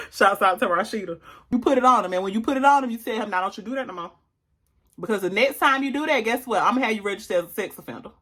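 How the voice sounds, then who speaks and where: A woman's voice: expressive, racing, few pauses, fairly bright tone, breathy edge, faint music behind. A woman vlogger doing her makeup while answering viewer questions in a playful, sassy, casual chat. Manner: sassy, playful, swings into high exclamations.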